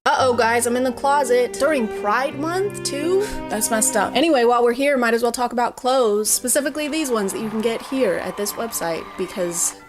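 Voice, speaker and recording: Sarcastic woman with deadpan jokes. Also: a little high, a little fast, few pauses. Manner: deadpan, sarcastic, theatrical readings. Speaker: comedy video host. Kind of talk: sarcastic comedic commentary. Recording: music under the voice.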